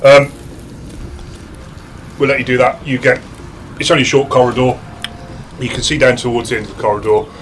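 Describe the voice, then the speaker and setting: A British man narrating as dungeon master in a casual, halting way, with frequent restarts and fillers. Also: medium pitch, steady tone, slight background noise. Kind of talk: narrating a tabletop game.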